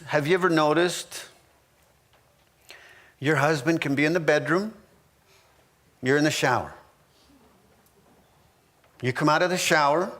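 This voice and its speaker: A man's voice: on the high side, a bit bright. A man in his sixties, a pastor teaching a marriage class in church, earnest and repetitive with frequent restarts.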